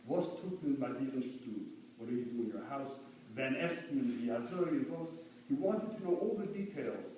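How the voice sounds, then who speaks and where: A man's voice: medium pitch, expressive, moderate pace, darkish tone. A man giving an earnest funeral eulogy, mixing in Yiddish and Hebrew phrases and rising to fervent emphasis. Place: funeral hall. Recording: echoey hall from far off, faint hum.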